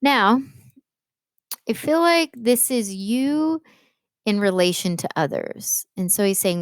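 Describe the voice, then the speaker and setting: A woman's voice: mid-range voice, lively intonation, slow pace, pauses often, smooth, no echo. A woman English teacher explaining a poem in a patient classroom lecture, with frequent fillers.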